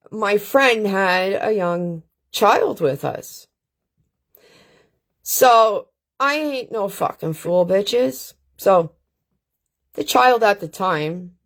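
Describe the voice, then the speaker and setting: A middle-aged woman from Canada hosting a live stream, telling stories in a blunt, profane, casual way. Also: medium pitch. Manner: blunt, profane, unhurried with frequent filler questions. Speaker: channel host. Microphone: webcam or phone on a live stream.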